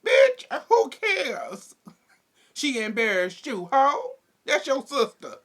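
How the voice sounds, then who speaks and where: A man's voice: extremely high pitch, takes it slowly. A man giving a casual, sassy and profane recap of a reality show. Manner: sassy, profane, laughing, animated.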